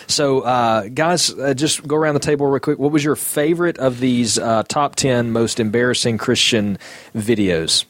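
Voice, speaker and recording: A man hosting a casual podcast chat, talking in a halting way with many fillers as he reads out listener comments. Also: medium pitch, no echo. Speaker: podcast host.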